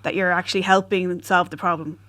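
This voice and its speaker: A woman's voice: on the low side, fairly even intonation, fairly quick, a bit bright. Woman interviewer asking probing questions. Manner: probing, follows up on answers.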